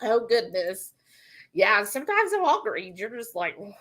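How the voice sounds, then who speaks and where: A woman's voice: medium pitch, sing-song, normal speed, a bit bright. A woman hosting a casual live cooking stream from her home kitchen, chatting and reading viewer comments aloud. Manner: chatty, reads out and answers chat messages.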